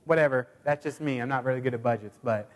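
A man preaching a sermon in a casual, chatty way with many fillers, now and then putting on high squeaky voices for quotes. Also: fast, in a large hall. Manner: puts on high squeaky voices when quoting people. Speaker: pastor.

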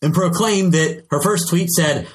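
A man's voice: on the high side, unhurried, slight background noise. A man co-hosting a podcast, talking in a jokey, casual way and slipping into silly voices. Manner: animated, jokey, slips into silly put-on voices. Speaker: podcast co-host. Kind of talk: casual comedic chat.

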